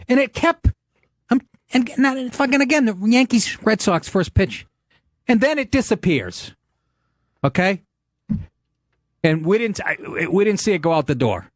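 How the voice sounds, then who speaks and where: Animated, foul-mouthed man telling stories. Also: high voice, no room sound, clean studio sound. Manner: profane, animated, laughs through his story. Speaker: podcast host. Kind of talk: comic storytelling.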